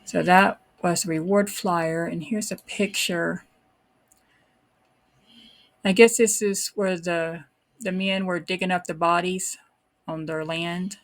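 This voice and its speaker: A woman who hosts a true crime podcast reads historical records aloud and comments on them in a casual, unsure way. Her lowish voice is steady and slow, with long pauses.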